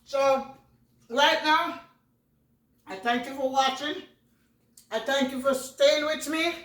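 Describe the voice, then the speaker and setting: A woman's voice: high voice, steady tone, slow, fairly bright tone, distant mic. A woman chatting through a home cooking vlog, repeating herself and thanking her viewers. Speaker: cooking vlogger. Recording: echoey room, voice off-mic.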